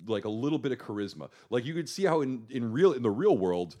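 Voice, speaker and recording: A man's voice: mid-range voice, very animated, quick pace, dark tone. A man hosting a casual movie podcast, rambling and restarting his sentences, laughing often. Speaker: podcast host. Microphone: podcast microphone.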